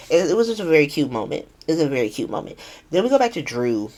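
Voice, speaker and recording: A woman's voice: sits low, fast. A woman hosting a casual soap opera recap, talking in a profane, slangy way. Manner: profane, slangy, animated retelling.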